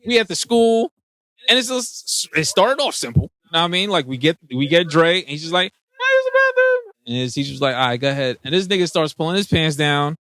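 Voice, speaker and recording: A man recaps a movie in casual, slangy chat with his co-host. His voice sits a little high, and the sound is dry and close. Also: expressive, fairly quick, a bit bright, no echo. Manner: loose slangy recap with frequent "know what I mean". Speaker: podcast co-host. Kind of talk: casual film discussion.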